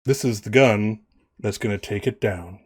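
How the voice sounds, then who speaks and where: A man's voice: on the low side, normal speed, husky. Man doing a curt veteran monster hunter. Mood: warning. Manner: blunt, warning tone. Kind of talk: tabletop role-play in character.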